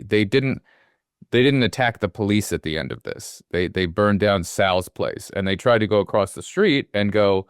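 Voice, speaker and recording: A man's voice: fairly low pitch, clean tone, no room sound, clean studio sound. A man in his forties co-hosting a film podcast, talking casually and rambling with lots of fillers and restarts. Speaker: podcast co-host.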